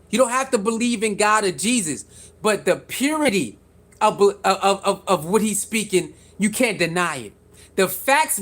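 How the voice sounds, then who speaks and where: Vlogger with a mid-range pitch riffing to camera in an animated, repetitive style, quizzing viewers and laughing between points. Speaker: sports commentary vlogger. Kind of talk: casual commentary to camera.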